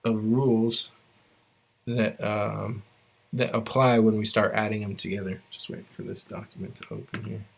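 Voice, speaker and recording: A man's voice: on the low side, moderate pace, creaky. A man teaching a language class online, talking loosely with lots of fillers and restarts while sharing his screen. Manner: relaxed, many fillers and restarts.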